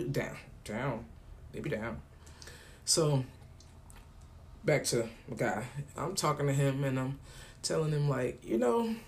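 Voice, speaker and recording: A man hosting his own podcast, talking casually in a loose, rambling way. He tells stories and acts out both sides of phone calls. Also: on the high side. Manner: loose and colloquial, with frequent slang. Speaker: podcast host. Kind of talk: casual monologue.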